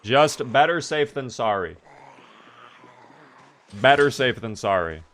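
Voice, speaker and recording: A man's voice: medium pitch, expressive, slow pace, a bit bright. A man streaming a game live, chatting casually and answering his chat as he plays.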